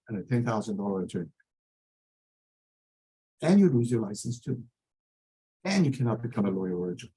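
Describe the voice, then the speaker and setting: A man's voice: mid-range voice, dark tone, slightly rough, low-quality recording. A middle-aged man who is a lawyer gives an earnest warning talk to teenagers in non-native English phrasing.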